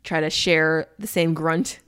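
A woman's voice: fairly even intonation, slow, a bit bright, clear, resonant tone. A young woman casually recapping a movie in chat, often acting out characters' lines. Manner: chatty, acts out characters' lines with rising pitch.

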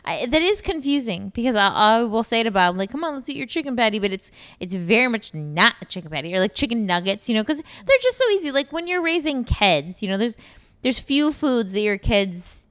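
A woman in her thirties talks in a loose, casual chat, blunt and lively and quick to swear. Her voice is smooth and clear and sits a little high. She gets worked up easily and makes her points without softening them. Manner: blunt, animated, swears freely. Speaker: podcast co-host.

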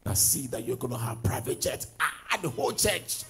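A man preaching a sermon as pastor, swinging from loud declarations to low asides. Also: sing-song, moderate pace, music in the background, rough recording.

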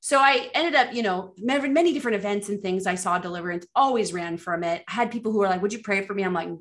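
A middle-aged woman talks as a guest on a faith podcast, a ministry leader recounting her experiences. She acts out her own past reactions in quoted bits, her voice leaping high when she replays surprise. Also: quick pace, hardly any pauses. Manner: animated storyteller acting out her own reactions with big pitch jumps. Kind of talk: casual faith podcast chat, storytelling.

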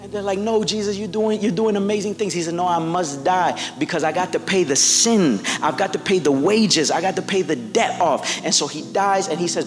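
A man preaching a sermon in a church, building from conversational storytelling to loud, shouted emphasis, acting out quotes along the way. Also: high voice, a little fast, few pauses, long reverb tail, music in the background. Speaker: pastor. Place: church sanctuary.

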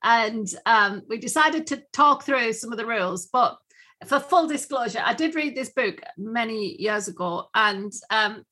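A woman's voice: fairly high pitch, expressive, unhurried, bright, forceful tone. A woman co-hosting a podcast in casual chat, talking in a chatty, giggly way with many fillers. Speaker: podcast co-host.

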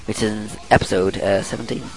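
A man's voice: on the low side, fairly even intonation, fairly quick, creaky, over music, low-quality recording. A middle-aged man hosting a podcast in casual chat, reading a listener's email aloud and laughing often as he rambles and corrects himself. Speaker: podcast host.

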